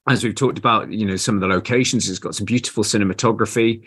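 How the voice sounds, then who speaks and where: A man's voice: lowish voice, fairly even intonation, fast, a bit bright, slightly rough. A man co-hosting a podcast, chatting casually about a film with hesitant, stop-start phrasing. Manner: hesitant, restarts often. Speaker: podcast co-host.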